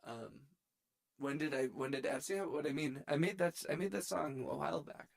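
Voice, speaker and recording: A man's voice: fairly high pitch, fairly quick, gravelly. A man who produces music, chatting casually on a live stream from his home studio, goofy and playfully repeating words. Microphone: studio dynamic microphone.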